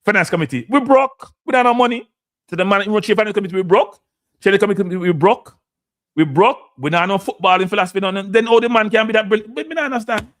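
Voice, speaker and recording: A man's voice: sits high, fast talker, fairly bright tone. A man with a Jamaican accent, hosting a live stream and ranting heatedly, switching between standard English and patois. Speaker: host. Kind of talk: impassioned live-stream rant.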